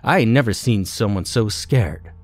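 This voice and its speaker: A man's voice: lowish voice, animated, moderate pace, no echo, soft background music, voice pushed up. A man voicing a young Marine who talks in a crude, giggling way. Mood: amused.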